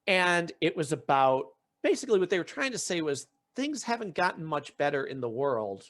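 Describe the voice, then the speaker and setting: A man's voice: fairly high pitch, sing-song, moderate pace, a bit bright. A man hosting a podcast, retelling a story in casual chat and acting out the quotes as he goes, often restarting his sentences. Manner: frequent restarts while recounting. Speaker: podcast host.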